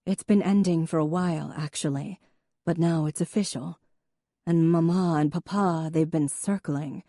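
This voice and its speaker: A woman's voice: low voice, steady tone, normal speed, mellow, no room sound, clean studio sound. Woman voicing a genteel, poised professor sister.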